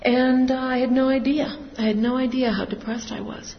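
This middle-aged woman shares her recovery story with a group in a candid, confessional way, emotion shifting as she goes. Her voice is high-pitched with fairly even intonation at normal speed, captured from afar in an echoing hall that sounds dull, with faint noise.

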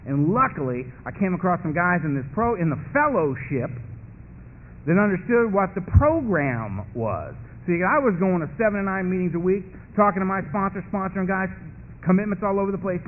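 An emphatic man gives a rapid personal testimony at a recovery meeting, in a high, lively voice. His speech is colloquial and repetitive, and he keeps circling back to press his point. The sound is thin and phone-like, with a faint hiss underneath.

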